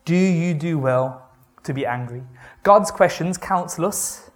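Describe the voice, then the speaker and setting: A man giving a conversational sermon, reading scripture and retelling it with wry, animated asides. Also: a little high, unhurried. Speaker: preacher.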